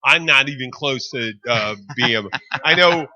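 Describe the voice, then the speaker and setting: A man co-hosting a casual podcast, riffing and swearing in an animated way. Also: mid-range voice, no echo. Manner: animated, swearing, quick to riff. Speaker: podcast co-host. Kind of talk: casual chat.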